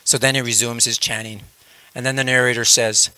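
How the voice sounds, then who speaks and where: A man's voice: medium pitch, little pitch movement, a little fast, sharp tone, dry recording. A man leading a religious class, telling a parable casually, with frequent "you know" fillers. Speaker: lecturer in a temple class.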